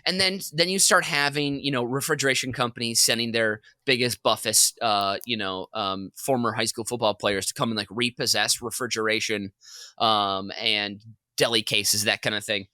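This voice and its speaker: A man co-hosting a comedy podcast, telling a long workplace story in an animated, rambling way and laughing as he goes. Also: mid-range voice, normal speed, no room sound. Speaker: podcast co-host.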